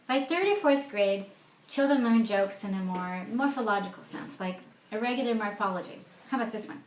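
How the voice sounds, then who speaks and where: A woman's voice: a little high, fairly quick. Woman explaining humor with playful emphasis, echoey room. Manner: lively, reads jokes aloud with playful emphasis. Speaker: speech therapist presenting a therapy game. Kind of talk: explanatory presentation.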